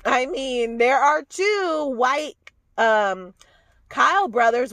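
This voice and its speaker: A woman's voice: high-pitched, animated, takes it slowly, a bit bright, dry recording. A woman giving a blunt, opinionated and profane recap of a TV episode in a casual chat. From outside the American South. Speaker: TV recap host.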